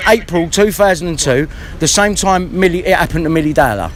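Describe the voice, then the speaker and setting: A man's voice: on the high side, animated, fairly quick, slight background noise. Angry man ranting outdoors. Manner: angry, frustrated, swearing. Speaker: vlogger confronting police. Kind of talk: heated street confrontation.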